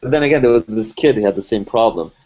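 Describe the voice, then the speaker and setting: A French-speaking man from Lebanon, appearing as a voice actor guest on a podcast interview, explains things conversationally with frequent restarts. His voice is mid-range and somewhat dark, he speaks quickly, and the audio sounds dull.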